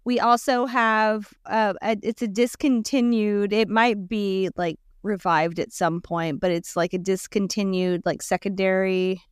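A woman co-hosts a podcast in a chatty, giggly way and leans on plenty of fillers. Her voice is smooth and clear at an ordinary middle pitch. The close mic sounds dry. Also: steady tone, measured pace, hardly any pauses, no room sound. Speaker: podcast co-host. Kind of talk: casual podcast chat.

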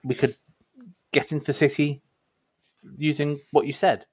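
A man's voice: on the high side, level tone, moderate pace, darkish tone, slightly rough. A man playing a tabletop game, earnest and stammering in casual chat. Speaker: player. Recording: dull lo-fi mic.

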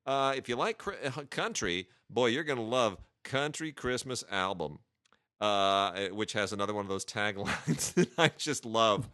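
Wry man with a bright, smooth voice. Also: lowish voice, animated, moderate pace, no room sound, clean studio sound. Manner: wry, joking, many fillers and restarts. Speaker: podcast host reviewing home video releases. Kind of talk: casual chat.

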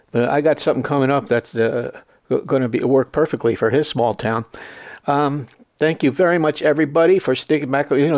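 A man's voice: mid-range voice, a little mellow, dry recording. A man hosting his own show, closing it with a rambling, hesitant sign-off full of fillers. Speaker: show host. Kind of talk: casual sign-off monologue.

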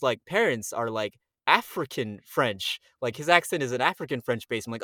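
A man telling a story in a casual, animated way, filling it with "like" and acting out how he reacted. His voice sits at a middle pitch. The sound is dry and close. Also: fast, hardly any pauses, dry recording. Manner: animated, acts out his past reactions with lots of "like". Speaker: voice actor guest.

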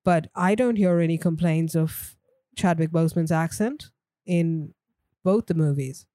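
A woman's voice: deep voice, unhurried, warm tone, dry recording, studio quality. A woman co-hosting a podcast in casual chat, talking thoughtfully and laughing easily. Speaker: podcast co-host.

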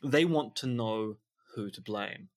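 A man bantering on a podcast in a dry, playful manner. He slows down to build his jokes and plays with words. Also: on the low side. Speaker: podcast co-host. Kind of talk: casual chat.

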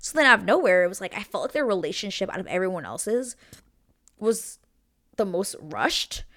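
A young woman recapping a reality dating show in casual chat, gossipy and animated, full of "like" fillers and casual swearing. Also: medium pitch, normal speed.

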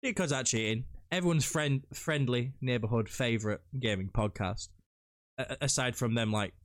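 A man's voice: mid-range voice, normal speed. A man hosting a casual gaming podcast, joking around and swearing freely, talking through a blocked nose. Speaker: podcast host.

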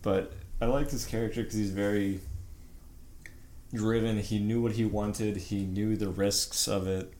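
A man co-hosting a casual gaming podcast, speaking in a relaxed, halting way with the odd curse. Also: fairly low pitch. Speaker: podcast co-host.

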